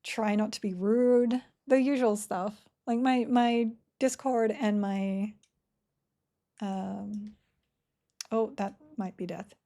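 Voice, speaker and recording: A woman's voice: medium pitch, fairly even intonation, slow pace, warm tone. A woman live-streaming a game, chatting cheerfully and answering questions from chat as she plays. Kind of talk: casual live-stream chat while playing.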